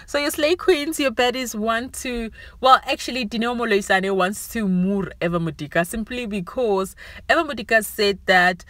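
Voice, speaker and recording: A young woman hosts a celebrity gossip chat. She has a fairly high voice and an amused, giggly manner. The recording is close and dry. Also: normal speed, fairly bright tone, dry recording. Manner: chatty and amused, often giggling. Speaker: gossip channel host.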